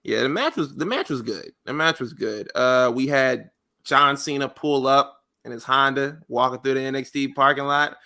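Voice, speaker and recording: A man co-hosting a podcast in loose, casual chat. His voice is bright and sharp. He tells stories and acts out the lines of the people in them. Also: mid-range voice, moderate pace, gravelly. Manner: animated storyteller who acts out quotes. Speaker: podcast co-host. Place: podcast studio.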